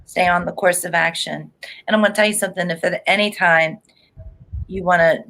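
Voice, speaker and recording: A woman's voice: lowish voice, fairly even intonation, a little fast, vocal fry, fairly bright tone, poor audio. A woman doing a live psychic reading, chatty and emotional, laughing often. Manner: chatty, effusive, frequent laughter; earnest and emotional.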